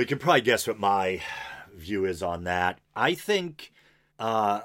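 A man hosting an unscripted podcast, reading news aloud with casual, wry asides. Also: deep voice. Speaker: podcast host.

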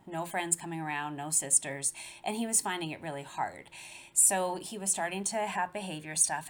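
A woman in her forties with a slightly low voice tells a personal story in a relaxed conversation. She speaks with animation and laughs easily along the way. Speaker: guest. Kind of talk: casual conversation.

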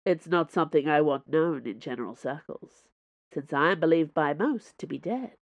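A man's voice: on the high side, lively intonation, normal speed, dry recording, dull audio. A woman doing a smug, posh male swordsman. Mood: menacing. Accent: posh upper-class. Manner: cool, mocking, theatrical.

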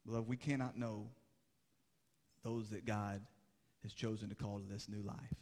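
A man's voice: lowish voice, fairly even intonation, normal speed. Impassioned male preacher in a reverberant hall. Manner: impassioned, rising to urgent exhortation, then hushed and grave. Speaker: pastor. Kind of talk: sermon. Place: church sanctuary.

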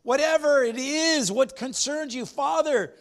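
A man's voice: extremely high pitch, measured pace, gravelly. A man preaching a sermon as pastor, emphatic, repeating his phrases and putting questions to the congregation.

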